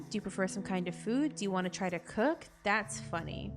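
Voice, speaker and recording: A young adult woman playing a game on camera, reading its text aloud and reacting in an expressive, jokey way, with bursts of loud disbelief. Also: medium pitch, fairly quick, few pauses, music in the background. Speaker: gaming content creator.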